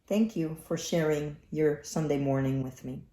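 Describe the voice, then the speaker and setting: A woman in her forties hosting a casual morning talk show, speaking softly with many fillers. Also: low-pitched, roomy sound. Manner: slow, soft-spoken, many fillers. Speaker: show host.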